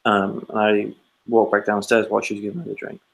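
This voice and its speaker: Gravelly low-voiced man telling a story. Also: completely flat delivery, fast talker, poor audio. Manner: rambling anecdote with acted-out quotes. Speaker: podcast co-host. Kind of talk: casual storytelling chat.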